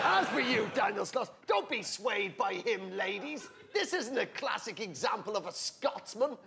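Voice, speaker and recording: Sardonic Irish man, very high and gravelly. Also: sing-song, a little slow, background noise. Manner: sardonic, teasing. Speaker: comedian on a panel show. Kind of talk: comic panel banter.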